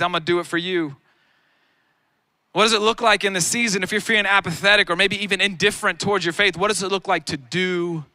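A man in his thirties preaching a sermon on a lawn, energetic and conversational with self-deprecating humor. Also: high-pitched, dry recording. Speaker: pastor. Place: outdoor lawn gathering.

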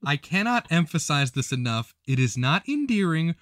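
A man co-hosting a comedy podcast, reading an online post aloud in an animated way and breaking into laughs. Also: on the high side, normal speed, no room sound, studio quality.

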